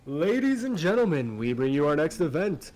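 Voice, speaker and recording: A man voicing a showy male arena announcer who makes loud, theatrical, drawn-out proclamations. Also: fairly high pitch, very animated, pitched above the performer's own voice, poor audio. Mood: grandiose.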